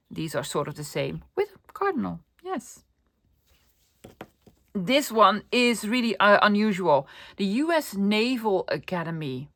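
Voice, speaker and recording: A woman's voice: lowish voice, no echo, studio quality. Gushing woman. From Netherlands. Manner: excitable, gushing, often drops to a whisper. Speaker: vlogger showing a thrift haul. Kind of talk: casual chat to camera.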